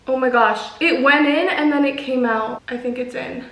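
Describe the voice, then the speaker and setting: A woman's voice: sits high, moderate pace, a bit bright, recorded from a distance. Chatty young woman in an echoey room. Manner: chatty, nervous and fidgety, talks to viewers. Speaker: vlogger. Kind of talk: casual tutorial vlog. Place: room at home.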